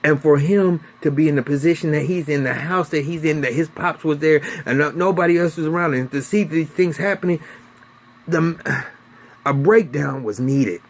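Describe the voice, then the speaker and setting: A man's voice: on the high side, normal speed. A man talks through a TV episode recap in a loose, casual way. He swears freely and tells the story with energy, slipping into the characters' lines as he goes. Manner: animated, profane storytelling with voiced quotes. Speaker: TV recap reviewer.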